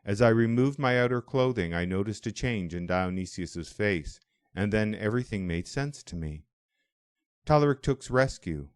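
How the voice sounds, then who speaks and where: A man narrating a first-person audiobook in a measured, reflective way. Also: on the low side, dry recording, studio quality.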